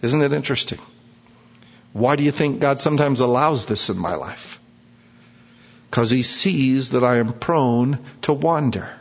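A man preaching a sermon, animated, acting out prayers and swinging his voice up high when he voices them. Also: a little slow, long pauses, slightly rough. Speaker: pastor. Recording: muffled, with long hall reverb.

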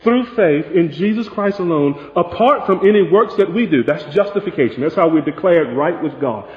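A man preaching with a high, highly animated voice that swings from hushed lows to forceful peaks. The sound is dull and lo-fi, with a long reverb that rings through a large hall. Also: moderate pace, few pauses. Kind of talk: sermon.

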